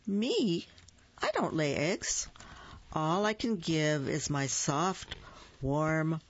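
A woman doing a soft gentle sheep. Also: deep voice, big pitch swings, drawn-out words, heavily acted. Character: soft-natured woolly female sheep. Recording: dull lo-fi dry recording.

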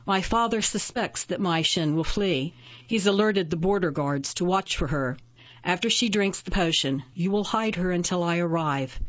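A woman's voice: lowish voice, animated, moderate pace, lo-fi sound, natural voice. A woman voicing an arrogant, scheming young nobleman who speaks in a haughty, commanding way, in a storybook reading.

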